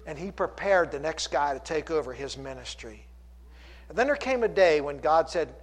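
A man's voice: a little high, expressive, moderate pace. A man preaching a sermon with passion, retelling scripture and speaking God's lines in his own voice. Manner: impassioned, paraphrasing scripture in God's voice. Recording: long hall reverb.

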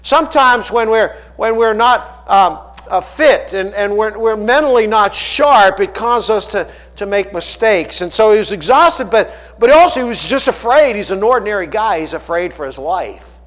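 A man's voice: high voice, animated, moderate pace, a bit bright, big-room sound. A man from Pittsburgh, a pastor preaching a folksy sermon full of rhetorical questions.

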